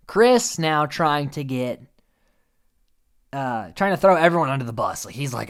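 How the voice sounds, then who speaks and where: A man giving a casual, animated recap commentary, chatty and laughing often. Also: a little high, a little slow, pauses often, smooth. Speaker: show recap host.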